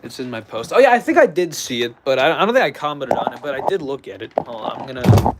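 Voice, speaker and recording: A man streaming live, chatting casually with his viewers and reading their messages aloud in animated bursts. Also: mid-range voice, fast, very noisy. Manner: animated, reads chat aloud, excitable bursts. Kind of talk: casual livestream chat.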